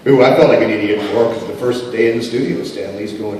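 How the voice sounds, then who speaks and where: A man's voice: fairly low pitch, fast, few pauses, background noise. Joking man at an echoey panel. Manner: animated, joking, often laughing. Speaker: voice actor panel guest. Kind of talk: convention panel Q&A. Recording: echoey convention hall, far mic, loud crowd.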